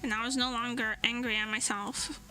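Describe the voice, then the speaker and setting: A woman's voice: fairly high pitch, steady tone, moderate pace, sharp tone, soft background music, rough recording. A woman streamer chatting casually while she draws, laughing between almost every phrase. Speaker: streamer and illustrator.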